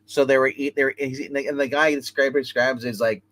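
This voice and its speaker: A man's voice: mid-range voice, steady tone, moderate pace, fairly bright tone. A man hosting a casual livestream comic book review, retelling a story loosely with many restarts and fillers. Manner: rambling plot retelling with many restarts and "he's like".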